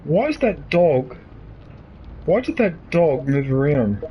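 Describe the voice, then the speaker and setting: This gaming streamer has a slightly high, sing-song voice and takes his time, but his casual commentary turns into worked-up rants where he keeps restarting and repeating himself. The recording is muffled, with a little hiss or hum.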